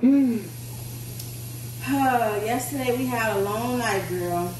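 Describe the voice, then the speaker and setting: A woman's voice: on the high side, slow, noisy background. Candid woman venting in an echoey room. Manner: candid and venting, talking straight to viewers. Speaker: vlogger. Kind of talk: casual vlog chat. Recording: echoey room, mic at a distance.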